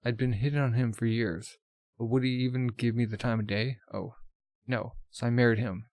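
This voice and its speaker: A man's voice: mid-range voice, steady tone, moderate pace, a little mellow, no room sound, clean studio sound, close to an everyday voice. A man reading as a brash demon warrior woman. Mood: grieving. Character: brash hard-drinking demon woman fighter.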